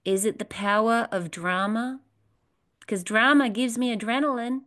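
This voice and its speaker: A woman's voice: a little high, fairly even intonation, measured pace, a bit bright. A woman leading a spiritual workshop, talking earnestly to a live audience, repeating phrases and asking them questions. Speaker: workshop leader.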